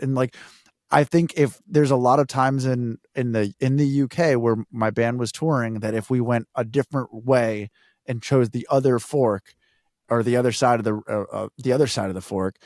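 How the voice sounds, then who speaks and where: A man co-hosting a podcast in casual, jokey, animated chat. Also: medium pitch, no echo, clean studio sound. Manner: animated, jokey, self-deprecating, restarts a lot. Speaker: podcast co-host.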